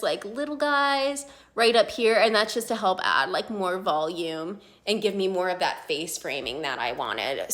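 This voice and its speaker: A young woman speaks in a relaxed, everyday vlog style. She keeps an ordinary middle pitch, fills her talk with little hesitations, and comes across as earnest and open. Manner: chatty, filler-heavy, earnest. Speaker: patient sharing her story.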